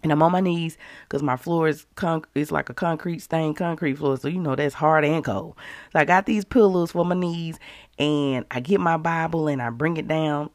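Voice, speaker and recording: Emphatic, lower-pitched woman teaching faith. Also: normal speed, darkish tone, no echo, studio quality. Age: adult with children. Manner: conversational, emphatic, addresses listeners as y'all. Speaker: Christian devotional host. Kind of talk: casual devotional teaching.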